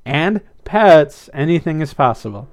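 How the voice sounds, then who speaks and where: A calm, dry private investigator, as a man plays him for a story reading. The voice stays near the reader's own, only a little lifted. He speaks in measured, composed lines. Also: fairly high pitch.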